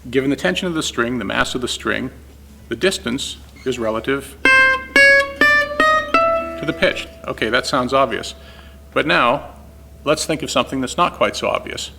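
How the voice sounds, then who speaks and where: Gravelly-voiced man explaining guitar setup. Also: mid-range voice, normal speed, pauses often. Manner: casual, explains step by step while demonstrating on a guitar. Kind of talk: informal technical explanation.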